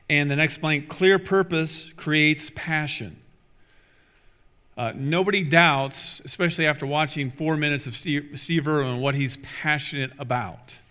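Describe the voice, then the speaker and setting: Middle-aged male pastor, earnest exhorting sermon, mid-pitched voice, long church reverb. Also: fairly bright tone. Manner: earnest, exhorting, repeats key phrases. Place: church sanctuary.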